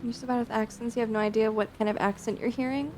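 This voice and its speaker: A woman's voice: on the high side, steady tone, fast, darkish tone, slight background noise. Giggly Midwestern American woman streamer. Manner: giggly, lots of "like" and "um" fillers. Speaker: livestreamer. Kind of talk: casual chat answering viewers.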